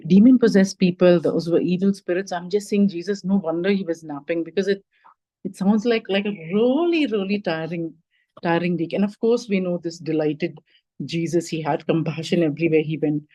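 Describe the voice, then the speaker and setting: A woman's voice: on the low side, moderate pace, dark tone, poor audio. A woman giving a conversational sermon over a video call. She thinks aloud, says "like" and "you know" often, and asks her listeners reflective questions. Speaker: lay preacher giving the message.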